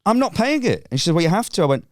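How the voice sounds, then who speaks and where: A man with a Northern English accent, a podcast guest telling a comedic anecdote in an animated, indignant and sweary way, acting out both sides of the exchange. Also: sits high, racing, no echo, studio quality. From northern England.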